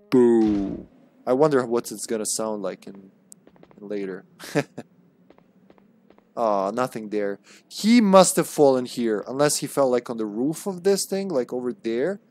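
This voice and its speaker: A man's voice: medium pitch, animated, moderate pace, darkish tone. Joking, swearing male game streamer. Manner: jokey, profane, playful voices. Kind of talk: casual gameplay commentary.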